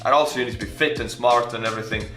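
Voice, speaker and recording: A man in his twenties from Estonia, hosting a casual, playful reaction video with jokey shout-outs. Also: medium pitch, very fast. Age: 20s. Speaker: YouTube host reacting to a video. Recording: roomy echo with faint music.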